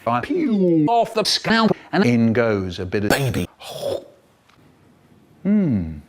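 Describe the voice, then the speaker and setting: A man telling a spliced comic story in a lively, singsong storyteller's way. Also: medium pitch, takes it slowly.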